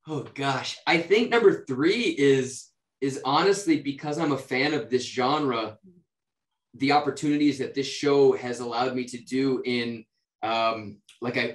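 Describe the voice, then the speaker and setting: A man from the United States, an actor, answering interview questions in a relaxed, rambling way, with lots of fillers and restarts. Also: medium pitch. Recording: roomy echo.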